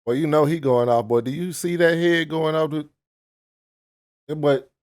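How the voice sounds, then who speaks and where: A man's voice: fairly high pitch, unhurried, a little hiss or hum. A man hosting a reaction video, heckling a clip in profane, slangy casual commentary. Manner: profane, heckling, mock-lecturing; dialect-heavy casual slang.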